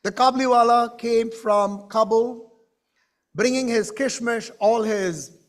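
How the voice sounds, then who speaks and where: A man delivers a keynote from a conference stage. His voice sits fairly high for a man. He speaks to the audience directly and brings his stories to life by acting out the characters' dialogue. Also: slow pace.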